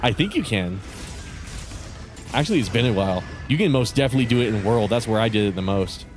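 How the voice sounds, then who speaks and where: A young man rambling casually as he streams a game, profane and relaxed, restarting his sentences. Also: on the low side, fast talker, soft background music. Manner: rambling, profane, laid-back. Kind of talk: casual gaming commentary.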